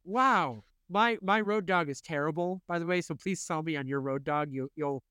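High-voiced, animated male podcast host. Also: normal speed, smooth, no room sound, clean studio sound. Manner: animated, laughs often. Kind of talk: casual chat.

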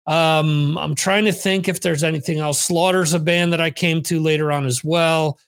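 A man's voice: a little high, steady tone, normal speed. A man hosting a podcast, telling rambling stories in a casual monologue, often cursing. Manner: rambling, profane storytelling. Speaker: podcast host. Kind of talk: casual monologue, answering listener questions. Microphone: on camera, streamed video.

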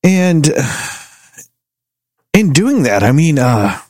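A man's voice: on the high side, slow pace, no room sound. Dry-sounding man reviewing movies casually. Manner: rambling, animated storytelling with acted quotes. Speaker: movie review podcast host.

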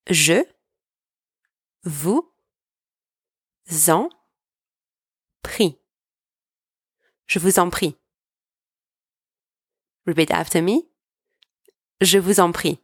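A woman teaching a language lesson, speaking patiently and deliberately and pausing so learners can repeat each phrase. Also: fairly low pitch, fairly even intonation, gravelly, dry recording, studio quality. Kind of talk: slow, clear language lesson with repeat-after-me drills.

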